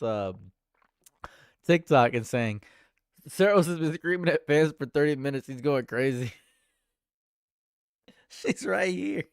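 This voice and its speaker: A man chatting casually on a livestream, animated and laughing often, swinging between loud high bursts and low mutters. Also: slow pace, long pauses, clean tone, dry recording, clean studio sound. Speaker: livestream streamer.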